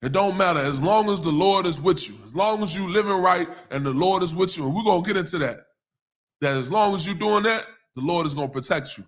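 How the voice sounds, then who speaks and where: Southern male preacher, fairly high and forceful, loose slang, slows way down on scripture. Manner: casual street slang, laughs often, reads verses slowly. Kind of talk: live-streamed scripture teaching.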